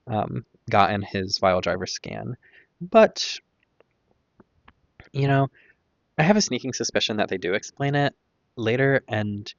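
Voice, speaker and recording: A man's voice: mid-range voice, dry recording. Man, podcast host, rambling casual commentary, opinionated, dull dry lo-fi sound. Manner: rambling, opinionated, many fillers and tangents. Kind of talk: casual stream-of-consciousness commentary.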